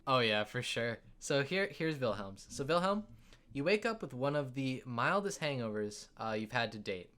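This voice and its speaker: A man's voice: medium pitch, lively intonation, moderate pace, fairly bright tone. A man narrating as game master of a tabletop game in a casual, filler-heavy way, laughing often.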